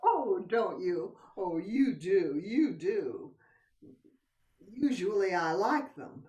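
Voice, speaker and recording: A woman's voice: medium pitch, sing-song, slow, a little mellow, recorded from a distance. An older woman playing a teasing, coaxing wife. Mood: alarmed. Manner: coaxing, teasing, drops to whispers. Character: playful, flirtatious wife coaxing her husband. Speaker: actor in a play. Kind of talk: stage play acted over video call. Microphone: computer mic on a video call.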